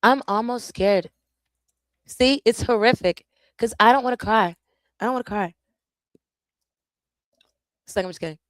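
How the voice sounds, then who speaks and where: A woman content creator chatting casually and jokingly to her viewers on a live stream, animated and self-interrupting. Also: fairly high pitch, normal speed, dry recording.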